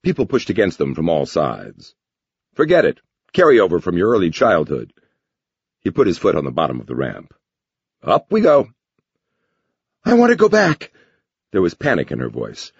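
A man voicing a female space commander whose soft, hesitant voice quavers, in a dull lo-fi recording. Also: deep voice, wildly swooping pitch, normal speed, gravelly, slightly rough, no room sound, full character voice. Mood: scared.

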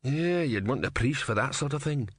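A man's voice: medium pitch, animated, normal speed, slightly rough, no room sound, clean studio sound, voice pushed up. A man voicing a chatty, folksy male barman in a storybook reading, rambling in a matter-of-fact way. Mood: chatty easygoing.

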